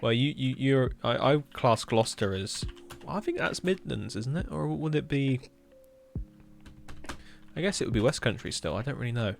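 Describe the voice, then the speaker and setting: A man's voice: mid-range voice, animated, moderate pace, creaky, faint music behind. A man with a Hampshire accent chatting casually on a live stream, reading chat and laughing often. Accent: Hampshire English. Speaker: livestreamer.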